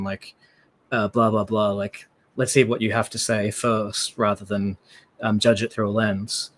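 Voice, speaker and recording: A man's voice: on the low side, little pitch movement, normal speed. A man with an Australian accent in a casual discussion, talking loosely with many fillers and hedges. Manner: rambling, lots of fillers and hedges.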